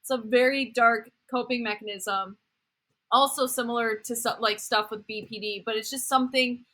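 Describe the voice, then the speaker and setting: Bright-voiced woman musing aloud. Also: on the high side, steady tone. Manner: thoughtful, many "like" fillers, quick agreement. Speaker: podcast guest, dating content creator. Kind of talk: casual podcast conversation.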